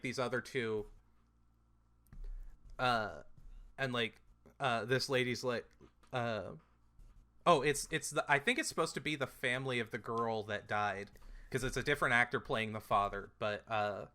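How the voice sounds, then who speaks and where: A man with a bright, forceful voice casually retells a film's plot as a podcast co-host. He rambles through fillers and slips into playful quoted voices as he goes. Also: medium pitch. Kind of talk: casual movie recap chat.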